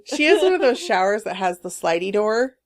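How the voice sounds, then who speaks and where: Podcast co-host, woman in her thirties, animated storyteller, swears a lot, pitch jumps around. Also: a little fast. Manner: animated storyteller, swears freely, laughs often. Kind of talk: casual chat. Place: Portland, Oregon area.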